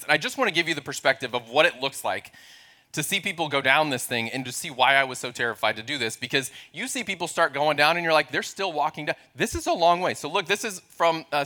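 A man in his forties preaches a sermon with humorous, self-deprecating storytelling. His voice sits a little high and rings bright and forceful. He acts out the others in his story as he goes. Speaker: pastor.

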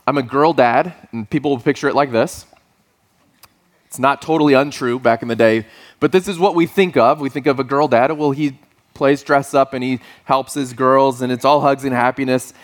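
A man in his forties giving a sermon as a pastor, conversational and storytelling, with playful asides. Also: mid-range voice.

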